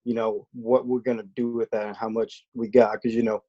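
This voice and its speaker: A man's voice: mid-range voice, level tone, fairly quick, mellow, slightly rough, lo-fi sound. A man on a group video call, sharing reflective thoughts in a slightly hesitant way. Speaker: team member.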